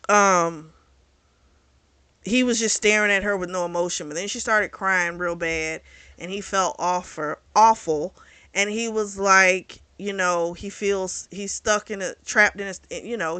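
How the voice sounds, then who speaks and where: A woman's voice: mid-range voice, unhurried, bright, forceful tone, clear, resonant tone, no room sound. A woman hosting a book review channel, chattily recapping a romance novel's plot and slipping into the characters' quoted lines. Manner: chatty retelling with quoted dialogue.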